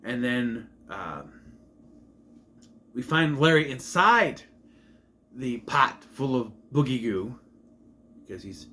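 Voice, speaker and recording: A man's voice: mid-range voice, a bit bright. A man casually recapping a movie, rambling and trailing off into asides. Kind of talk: casual film recap commentary.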